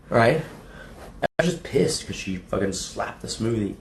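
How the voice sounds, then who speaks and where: A young man livestreaming to his chat. His low, gravelly voice swings widely in pitch as he rambles, swears and laughs often, and he mocks quotes in a squeaky voice. He sounds echoey, with faint room noise behind him. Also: animated, normal speed. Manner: acts out quotes in a high mocking voice. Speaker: streamer. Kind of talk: casual livestream talk to chat.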